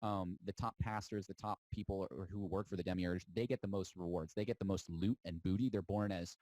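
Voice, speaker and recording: A man's voice: low voice, steady tone, brisk, mellow, no room sound, poor audio. A man delivering an impassioned, defiant monologue as a podcast host, mocking and preachy, drawing out words for emphasis.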